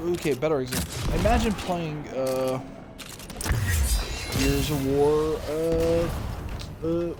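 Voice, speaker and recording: A young man hosting his own casual talk show, rambling excitedly about games with lots of fillers. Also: fairly high pitch. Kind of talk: casual solo gaming chat. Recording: noisy home recording.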